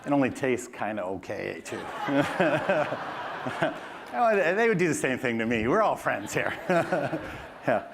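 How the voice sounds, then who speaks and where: A middle-aged man giving a conference keynote, telling a self-deprecating story with lively energy. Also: mid-range voice, slow pace, creaky, background noise. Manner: animated, self-deprecating storyteller who mimics his boss. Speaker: keynote speaker. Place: conference stage before an audience.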